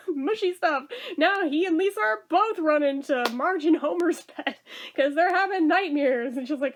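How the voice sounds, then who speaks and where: A woman's voice: high voice, a little slow, fairly bright tone. A woman giving a casual spoken review of a TV episode, chatty and full of laughs, with "like" in almost every sentence. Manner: chatty, laughs often, says "like" a lot.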